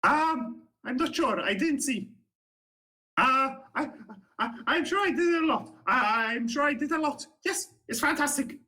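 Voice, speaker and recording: A very young halfling guard in a tabletop game, keen and boastful, his pitch leaping far above a normal voice and swooping all over. He repeats himself when excited, with a game master doing the voice. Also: measured pace, full character voice. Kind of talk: tabletop role-play.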